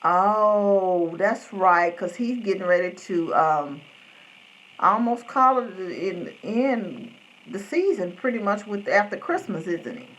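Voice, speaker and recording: A woman's voice: mid-range voice, lively intonation, slow, a bit bright, highs cut off. A middle-aged woman, hosting a rambling live-stream chat and greeting viewers by name. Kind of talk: casual chat.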